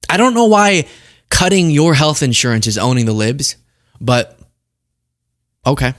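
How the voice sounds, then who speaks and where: A man's voice: a little high, measured pace. A young man hosting a political commentary show, talking in a sarcastic, conversational way. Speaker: host.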